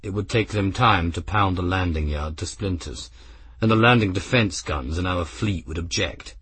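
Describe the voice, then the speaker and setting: A man voicing a calm, matter-of-fact veteran ship captain who speaks quietly, with a husky voice. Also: deep voice, moderate pace, dry recording, heavily acted.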